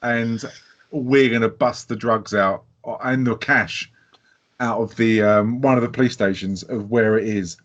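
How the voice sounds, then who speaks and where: A man co-hosting a podcast, chatting casually about a film, animated and laughing, swearing freely. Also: medium pitch, measured pace. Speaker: podcast co-host. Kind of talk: casual film review chat. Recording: dull lo-fi sound.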